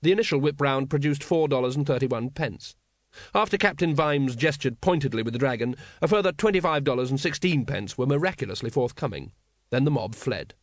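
In a mid-range voice, a man narrates a scripted audiobook story with measured, expressive delivery. It's studio quality, with no echo.

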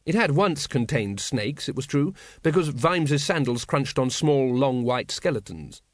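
A man's voice: medium pitch, lively intonation, measured pace, no room sound. A man reading a novel aloud in a dry, wry storytelling manner. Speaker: audiobook narrator. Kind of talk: scripted narration.

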